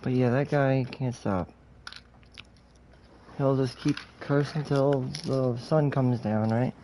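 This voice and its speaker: A man's voice: mid-range voice, steady tone, takes it slowly, warm tone, a little hiss or hum, rough recording. Profane joking male game streamer. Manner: profane, mock-ranting, joking. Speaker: gaming streamer. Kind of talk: casual game commentary.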